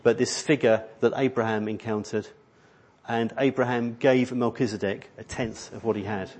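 A man's voice: medium pitch, fairly even intonation, moderate pace, a little mellow, slightly rough. A middle-aged man preaching a sermon in a church hall, rambling and conversational, with many restarts. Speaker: pastor.

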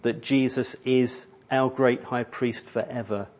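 A man's voice: mid-range voice, level tone, a little slow, darkish tone. A middle-aged man preaching a sermon in a church hall, rambling and conversational, with many restarts. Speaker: pastor.

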